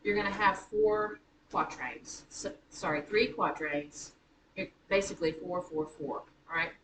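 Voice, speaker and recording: A woman teaching a high school writing class, chatty and teasing, often correcting herself mid-sentence. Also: a little slow. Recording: echoey room, far from mic, noisy.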